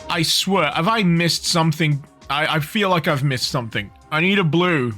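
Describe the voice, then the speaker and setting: Male streamer, bright and slightly high voice, jokey, a bit tipsy, faint game music. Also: moderate pace. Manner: jokey, laughs often, chats with viewers. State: a little tipsy from beer. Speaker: gaming streamer. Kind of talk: casual livestream commentary.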